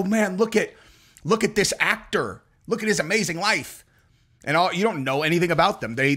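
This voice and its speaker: A man's voice: a little high, fairly bright tone. A man hosting a commentary channel, talking casually and opinionatedly, sometimes mocking people with impressions. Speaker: podcast host.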